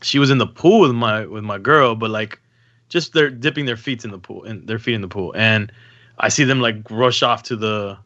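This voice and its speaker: On the low side, this podcast host's voice is bright and forceful at a moderate pace, its highs cut off. The young adult man tells rambling stories in casual conversation, restarting often and using plenty of slang.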